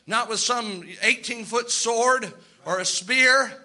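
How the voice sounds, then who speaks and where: A man's voice: very high voice, slow, pushed and bright. A male pastor preaching a sermon, repeating lines for emphasis and calling out amens.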